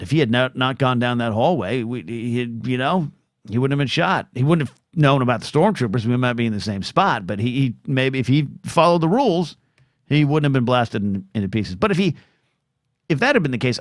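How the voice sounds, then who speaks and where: A man's voice: medium pitch, dry recording, studio quality. A middle-aged man hosting a solo podcast, rambling and self-deprecating, stumbling over restarts and acting out quoted voices. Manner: acts out quoted voices in short bursts.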